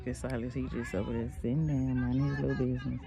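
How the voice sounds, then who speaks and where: Chatty mom vlogging outdoors. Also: female voice, a bass voice, quick pace, creaky, dull audio, background noise. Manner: relaxed and chatty, loud excited cheering from the sidelines. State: slightly winded. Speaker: vlogger, parent at a youth football game. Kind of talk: casual vlog chat. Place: outdoors at a youth football field.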